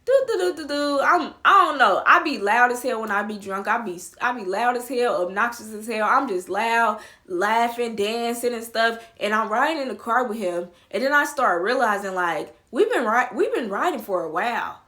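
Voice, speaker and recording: A young woman tells a storytime, loud and profane. Her voice is bright and a bit high, and she jumps into acted quotes with big swings. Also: normal speed, hardly any pauses. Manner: animated, profane, acts out quotes loudly. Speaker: vlogger. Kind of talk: casual storytime.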